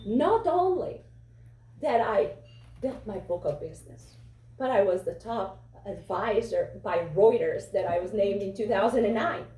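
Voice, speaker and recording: A woman's voice: medium pitch, lively intonation, measured pace, warm tone. A woman from Europe with a foreign accent, giving an impassioned, repetitive campaign speech at a fundraiser. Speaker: political candidate. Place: fundraiser venue. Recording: echoey room from far off.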